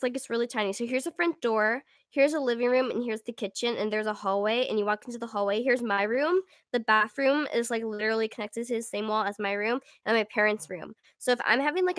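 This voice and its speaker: Casting: young woman, squeaky and a touch high, giggly livestream chatter, dry close mic. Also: dry recording. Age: young adult. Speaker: livestream host. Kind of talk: casual livestream chat.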